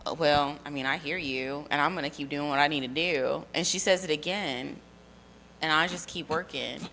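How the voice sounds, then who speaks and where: A woman in her thirties with a New York accent talks in a blunt, animated way and acts out the people in her stories. Her voice sits a little low and has a bright, sharp edge. A faint hiss runs under the recording. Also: normal speed, low-quality recording. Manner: blunt, animated storyteller acting out quotes. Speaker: podcast co-host. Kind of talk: casual chat.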